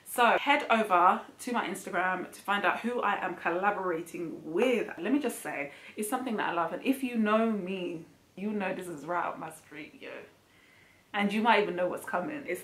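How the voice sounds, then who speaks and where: A woman hosting a cooking channel, chatting in a casual vlog review, bubbly and excitable with slangy asides. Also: medium pitch. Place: home kitchen. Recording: echoey room.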